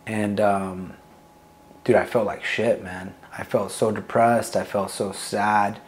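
A young Marine veteran from Long Beach, California, speaks slowly in a fairly low, flat voice, with slight background noise behind him. In a casual interview he talks candidly about his past, swearing freely and peppering his speech with "like" and "dude."

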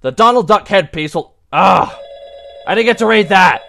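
A young man commenting on a horror game as he plays, excitable and easily startled into yelps. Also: high-pitched, normal speed, gravelly. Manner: excitable and jumpy, yelps and shouts at scares. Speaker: gaming video host. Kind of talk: let's play commentary.

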